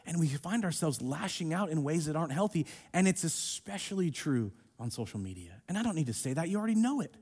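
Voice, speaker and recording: A man preaching a sermon in a church, emphatic and swinging between hushed and loud. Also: a little high, big pitch swings, fast talker, hardly any pauses, slightly rough. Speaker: pastor. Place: church sanctuary, streamed online.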